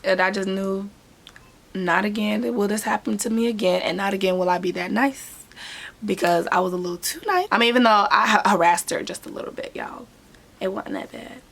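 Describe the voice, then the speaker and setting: A woman hair braider telling a story in a casual, animated vlog. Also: medium pitch, fairly quick, vocal fry. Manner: animated storytelling, talks with hands.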